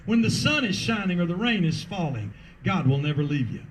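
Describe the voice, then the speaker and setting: A man's voice: high-pitched, very animated, brisk, slight background noise, rough recording. A man preaching a sermon as pastor at an outdoor parking lot service, emphatic and rhythmic with repeated refrains.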